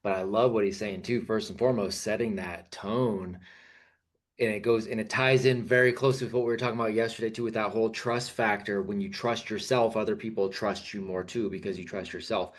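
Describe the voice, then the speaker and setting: A man's voice: fairly low pitch, steady tone, brisk. A man hosting a men's mentoring video call, casual and affirming, often saying "man.". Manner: affirming, calls people man. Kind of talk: casual coaching chat.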